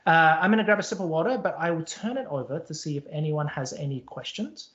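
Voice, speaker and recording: A man's voice: fairly high pitch, lively intonation, quick pace, a bit bright. A man with a Canadian accent wrapping up a conference talk and taking questions over a video call, chatty and upbeat, often repeating words. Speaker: conference speaker. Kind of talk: casual presentation wrap-up and Q&A. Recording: dull lo-fi call audio.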